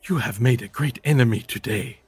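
A man voicing an arrogant male villain fighter in a tabletop game, haughty and slow with threats. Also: mid-range voice, breathy edge, soft background music. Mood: indignant. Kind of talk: tabletop role-play voicing.

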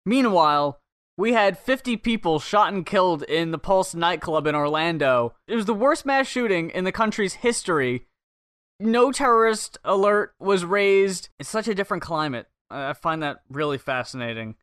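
A man's voice: high voice, expressive, moderate pace, a bit bright, clean tone, no room sound, clean studio sound. A man co-hosting a podcast, chatting casually with a sarcastic, analytical edge. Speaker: podcast co-host. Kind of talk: casual chat.

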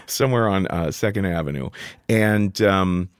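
A middle-aged man telling a personal story in casual conversation as a podcast guest, animated and jumping up in pitch when he quotes himself. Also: normal speed, smooth, no room sound, studio quality.

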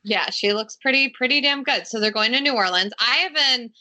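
Woman, podcast host, casual and chatty, very bright tone. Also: a little high, a little fast. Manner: chatty, laughs often, curses casually. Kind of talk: casual chat. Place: home room by a window.

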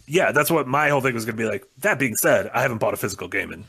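A man co-hosting a stream in casual chat, talking in a chatty way that speeds up when he gets excited. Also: medium pitch, rapid-fire, creaky, slightly rough, dry recording. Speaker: stream co-host.

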